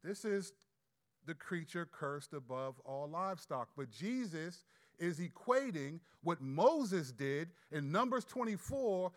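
A male pastor preaching a sermon, reading scripture aloud and posing rhetorical questions, moving between loud emphatic passages and quiet asides. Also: fairly high pitch, animated, takes it slowly.

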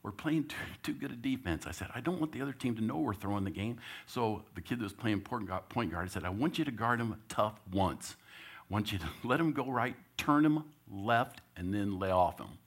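A man, a church elder, telling a lively story in a sermon and acting out his own lines. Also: lowish voice, brisk, husky.

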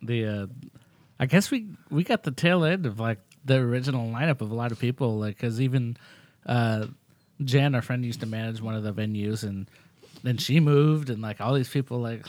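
Man, mid-pitch, loose and rambling; casual chat, laughs a lot, dry close recording. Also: normal speed, a little mellow, no room sound. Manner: rambling storyteller, laughs often, many "like" fillers.

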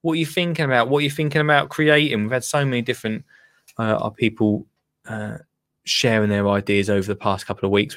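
A man's voice: mid-range voice, fast, no room sound. Host guy totally buzzing, lots of oh my god, dry close sound. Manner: excitable, gushing, many exclamations. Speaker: podcast host. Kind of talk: excited casual chat.

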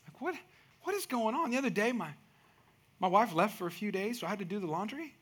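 A man's voice: very high-pitched, a bit bright. A middle-aged male pastor preaching a sermon, telling stories with rising, emphatic outbursts.

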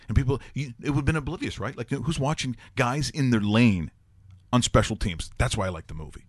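A man's voice: fairly low pitch, fairly quick, no echo, studio quality. A man hosting a sports talk show, telling rambling jokey stories in casual banter. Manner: rambling, joking, animated storytelling.

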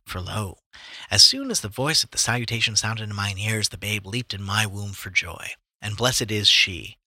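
Man reading scripture, bright dry voice. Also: fairly low pitch, animated, moderate pace, no echo. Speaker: co-host reading scripture aloud. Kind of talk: casual comedic chat with Bible reading.

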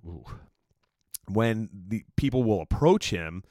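A man's voice: fairly low pitch, animated, slow, darkish tone, no room sound, studio quality. A man hosting his own podcast, telling a story in a rambling, casual way with lots of fillers and swearing. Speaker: podcast host.

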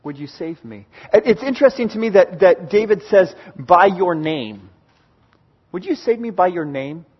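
A man's voice: sits high, lively intonation, normal speed, slightly rough, muffled recording. A man preaching a sermon in a conversational, storytelling way, with frequent hesitant fillers. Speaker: pastor.

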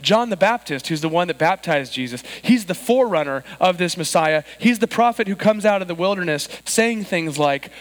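A man in his thirties preaches a sermon in a church with a long, ringing reverb. His voice sits a little high for a man. He tells a story and gives the people in it lively, animated voices. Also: moderate pace, few pauses. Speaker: pastor. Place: church sanctuary.

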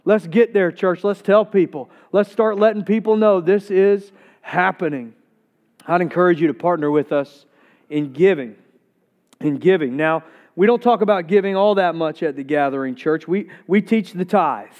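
A male pastor preaching a sermon with energy, repeating words as he gets excited. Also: sits high, normal speed, narrow, tinny audio.

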